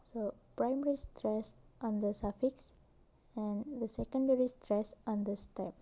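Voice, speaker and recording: A young woman student slowly reading a class presentation with careful, deliberate delivery. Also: a little high, fairly even intonation, warm tone, lo-fi sound. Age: young adult.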